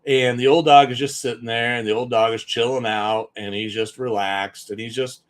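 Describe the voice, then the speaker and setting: A man's voice: medium pitch, fairly even intonation, moderate pace. A man giving an emphatic, conversational live-stream talk as a business coach, often repeating points for stress.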